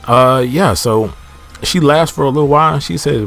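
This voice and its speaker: A man's voice: mid-range voice, normal speed, vocal fry, fairly bright tone, faint music behind. A man casually recapping a TV episode in a rambling, slangy way, often restarting his sentences. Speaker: TV episode reviewer.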